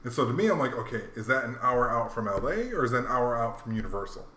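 Bright-voiced man in a roomy space. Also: medium pitch, very animated, quick pace. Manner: rambling, laid-back, lots of fillers. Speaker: podcast co-host. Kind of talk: casual storytelling chat. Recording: roomy echo, faint room noise.

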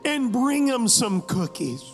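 A male pastor with a strikingly high voice preaches to his church. He tells stories in a loose, joking way and keeps calling on the congregation to agree with him, while soft music plays faintly in the background. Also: sing-song, slow. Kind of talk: sermon with storytelling. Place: church service.

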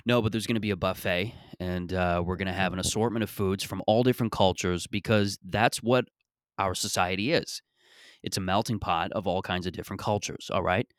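A man's voice: low-pitched, steady tone, fairly quick, dry recording, studio quality. A man around thirty hosting his own podcast outdoors in a backyard, rambling and joking with a bit of profanity. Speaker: podcast host. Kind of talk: casual solo podcast monologue.

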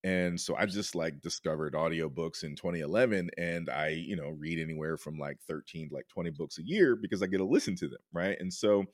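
Low-voiced man, dry close sound. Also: fairly quick, few pauses, no room sound. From United States. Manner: informal, rambling, frequent "right?" and "like"; gets loud and high-pitched when excited. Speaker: counselor and podcast guest. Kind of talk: candid interview conversation.

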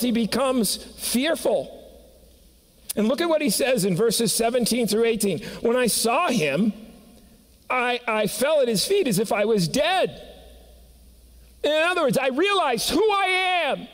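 A man preaching a sermon in a church sanctuary, telling stories earnestly and building to emphatic peaks. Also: very high voice. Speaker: pastor. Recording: long reverb of a church hall.

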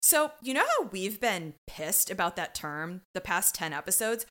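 Woman podcast cohost, wry and mock dramatic, swears casually, mid-pitch voice. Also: sing-song, moderate pace, sharp tone. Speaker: podcast co-host. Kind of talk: casual recap chat.

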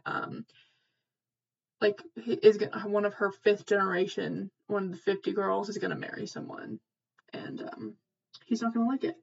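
A woman's voice: medium pitch, breathy edge, muffled recording. A woman hosting a casual mythology podcast, rambling with lots of fillers, casual swearing and lost trains of thought. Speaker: podcast host.

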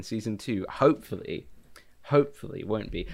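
A man's voice: mid-range voice, lively intonation, normal speed, darkish tone. A young man co-hosting a casual podcast chat, rambling with lots of fillers and repeated phrases. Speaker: podcast co-host.

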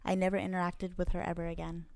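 Low smooth-voiced woman telling a story. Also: fast talker, dry recording, studio quality. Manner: animated, swears freely, plays out quoted dialogue. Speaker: podcast co-host. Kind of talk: casual podcast storytelling.

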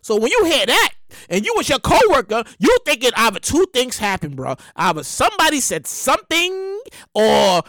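A woman's voice: high-pitched, big pitch swings, normal speed, a bit bright, dry recording, studio quality. A woman delivering a casual comedic monologue, rambling, slangy and full of exclamations. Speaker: comedic storyteller.

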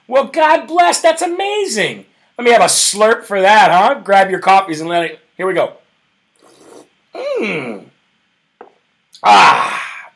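A brash man with a high-pitched voice hosts a live talk show. He talks in a fervent, preacher-like way, firm and quick to stress his point. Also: a bit bright. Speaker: political talk show host. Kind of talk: live show with prayer and reading viewer comments.

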